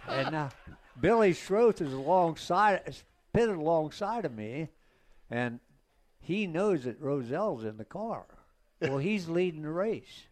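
A man's voice: a little high, expressive, a little slow, darkish tone, slight background noise. An older man, a former race car driver, telling long rambling anecdotes in a casual chat and chuckling between lines. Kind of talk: casual storytelling.

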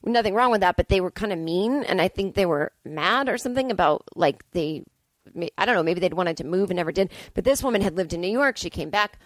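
A woman in her forties hosting a podcast, telling comic stories in a profane, ranting, animated way. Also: fairly low pitch, fairly quick, no echo. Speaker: podcast host. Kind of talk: comedic storytelling monologue. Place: Brooklyn.

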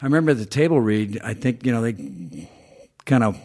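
An actor with a light Southern US drawl, chatting in a relaxed, rambling way with frequent fillers in a casual podcast conversation. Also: male voice, medium pitch, fairly quick.

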